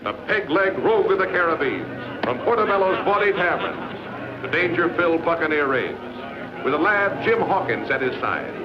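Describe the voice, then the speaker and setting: A man's voice: a little high, animated, normal speed, noisy background, close to an everyday voice. A man narrating an old movie trailer in a grand, dramatic announcer voice. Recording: dull old film audio with loud music.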